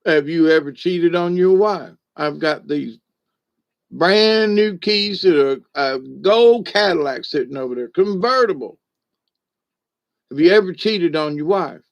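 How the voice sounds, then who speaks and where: Stern, slow-talking Saint Peter played by a man in a joke. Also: on the high side, gravelly, lo-fi sound, pitched above the performer's own voice. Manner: questioning, gatekeeping. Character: stern male Saint Peter at heaven's gate.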